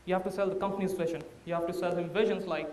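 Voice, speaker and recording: High-voiced Indian man in an echoey hall. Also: steady tone, very fast, darkish tone, distant mic, slight background noise. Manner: candid, anecdotal, advising. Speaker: startup founder giving a talk. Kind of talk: conference talk to an audience. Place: large room before a live audience.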